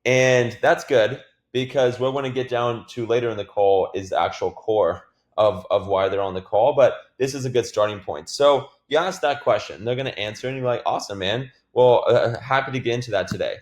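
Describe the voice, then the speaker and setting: Man, sales trainer, mid-range voice, casual, energetic, swears, lots of fillers, echoey room. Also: medium pitch, moderate pace. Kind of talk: recorded training talk.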